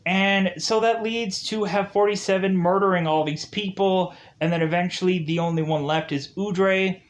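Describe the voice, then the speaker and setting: A man with a slightly high voice recaps a video game's story loosely. His talk rambles and is thick with "like" fillers and restarts. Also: fairly even intonation, moderate pace. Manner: rambling, heavy use of "like" fillers. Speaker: game reviewer. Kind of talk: casual game recap.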